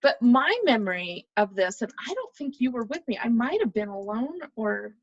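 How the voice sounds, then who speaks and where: A woman's voice: a little high, very animated, normal speed, no echo, dull audio. A middle-aged American woman in a casual, nostalgic chat while touring old places on a map. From United States. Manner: chatty, nostalgic, talks over a map tour. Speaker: vlogger.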